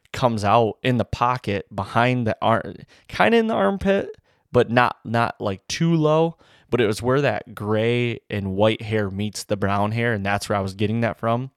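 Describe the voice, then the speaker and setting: A man recounting a bowhunt in a casual, rambling and excited way, full of fillers like "you know". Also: fairly low pitch, a little slow, no room sound, clean studio sound. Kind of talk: casual storytelling to camera.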